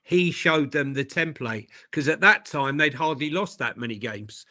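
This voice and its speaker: A man co-hosting a casual football livestream, talking things through in a relaxed way. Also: fairly high pitch, moderate pace. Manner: relaxed, thinking aloud with fillers. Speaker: co-host.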